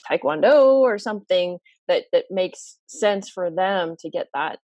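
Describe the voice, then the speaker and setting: A woman's voice: fairly low pitch, expressive, a little slow, a little mellow, dry recording. A woman hosting a live online interview, asking questions in a friendly, appreciative manner. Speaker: interview host.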